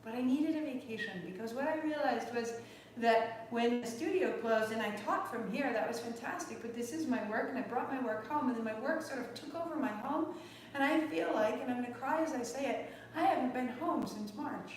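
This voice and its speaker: A woman's voice: a little high, brisk, slight background noise. Echoey, distant woman yoga teacher. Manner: gentle, reflective, heartfelt. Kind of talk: live online yoga class talk. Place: home room. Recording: echoey room, distant mic.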